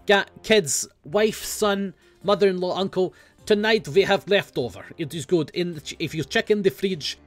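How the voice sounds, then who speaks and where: A man's voice: medium pitch, normal speed, few pauses, slightly rough, soft background music, close to an everyday voice. A man voicing a poor, proud male border inspector and family man, in a thick put-on foreign accent with broken grammar.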